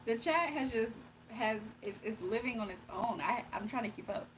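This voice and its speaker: On a livestream, a young woman chats casually, reads chat aloud, laughs often and playfully teases her viewers. Her voice is a little high and a little slow, with slight background noise.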